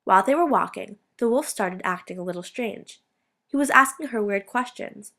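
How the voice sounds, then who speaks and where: A woman reading a fairy tale aloud as narrator, in a steady read-aloud way. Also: mid-range voice, moderate pace, vocal fry. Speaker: student reader.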